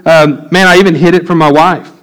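A man's voice: a little high, steady tone, brisk, fairly bright tone, smooth, poor audio. A middle-aged man preaching a sermon, telling a candid personal story that builds to impassioned preaching. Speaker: pastor.

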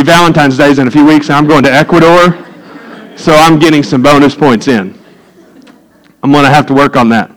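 A middle-aged man delivers a sermon to his congregation. His voice sits high for a man. He talks in a folksy, conversational way and drops in self-deprecating jokes. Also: fairly bright tone, low-quality recording. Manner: folksy, joking asides. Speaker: pastor.

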